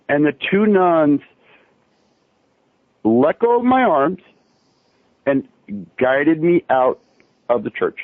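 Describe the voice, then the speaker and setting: A man on a thin, phone-like line, his voice sitting a little high. The sound is dry and close. He tells his story earnestly, a few words at a time. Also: dry recording. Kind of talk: casual chat on an internet radio show.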